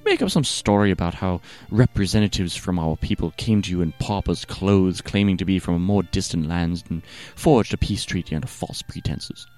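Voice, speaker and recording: A man's voice: low-pitched, moderate pace, a little mellow, close to an everyday voice. A man voicing a calculating stranger who proposes a deal in a dry, matter-of-fact way. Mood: scheming. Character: scheming male stranger, smooth and calculating.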